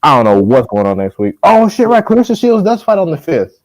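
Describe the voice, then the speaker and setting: A man's voice: a little high, huge pitch swings, a little fast, no room sound. A man hosting a casual chat, telling stories with profanity and frequent laughs. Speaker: podcast host.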